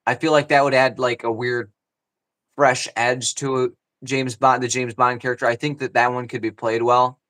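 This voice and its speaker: A man's voice: medium pitch, flat delivery, moderate pace, fairly bright tone. A man co-hosting a casual podcast chat, rambling and repeating himself with lots of fillers. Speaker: podcast co-host.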